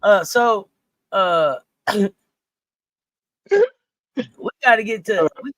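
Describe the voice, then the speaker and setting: A co-host in a casual live sports chat, animated and teasing, reading chat comments aloud. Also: medium pitch, very slow, no room sound, poor audio.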